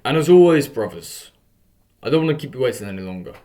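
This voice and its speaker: Young man, vlogger, energetic, coaching, talks straight to camera, middle pitch. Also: fast talker. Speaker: self-improvement vlogger. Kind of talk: casual instructional vlog.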